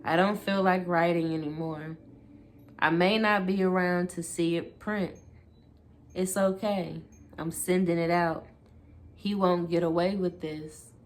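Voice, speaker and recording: A woman reading a first-person memoir aloud for her book channel, steady and unhurried. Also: on the low side. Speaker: booktuber.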